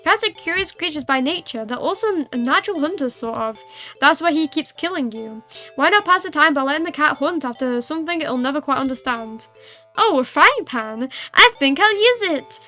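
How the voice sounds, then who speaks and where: A woman's voice: high voice, expressive, brisk, bright, forceful tone, soft background music. A young woman streaming a game, reading its text aloud and chatting, playful and giggly with cat-like meows.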